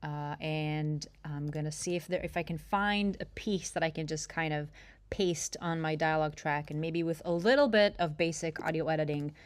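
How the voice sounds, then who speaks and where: Chatty woman narrating a software demo. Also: low voice, normal speed, no echo. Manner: chatty, self-mocking, thinks aloud. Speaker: product demonstrator.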